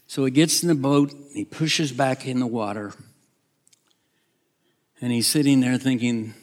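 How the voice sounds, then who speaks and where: A man's voice: mid-range voice, steady tone, unhurried, long pauses, darkish tone. A man preaching a sermon, retelling a Bible story dramatically, acting out the characters and sometimes dropping to a whisper.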